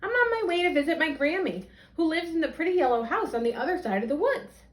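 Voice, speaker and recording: Woman doing a polite little girl, earnest, wide-eyed, high voice. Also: expressive, fast talker, roomy sound. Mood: chirpy.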